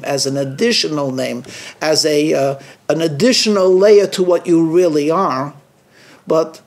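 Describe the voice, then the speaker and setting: A rabbi telling a story in a sermon, lively and acting out the people he quotes. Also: on the high side. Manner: lively teller who acts out quoted speech.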